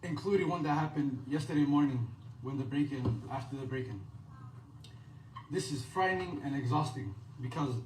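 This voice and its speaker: A man speaking as a daycare spokesperson, giving an earnest prepared statement in measured, halting phrases. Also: mid-range voice, a little mellow. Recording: roomy echo, distant mic, faint background hum.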